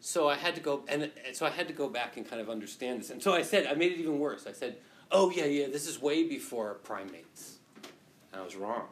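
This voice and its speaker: A man's voice: mid-range voice, animated, racing, few pauses, fairly bright tone, a little hiss or hum. A male teacher lecturing to a class and telling a story against himself, rambling with many restarts and frequent laughs.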